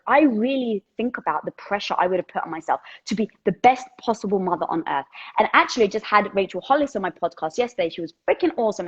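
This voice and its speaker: Husky woman talking on a headset. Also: medium pitch, dull audio. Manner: chatty, swearing lightly, thinking out loud. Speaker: motivational speaker hosting a live stream. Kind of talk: casual motivational talk.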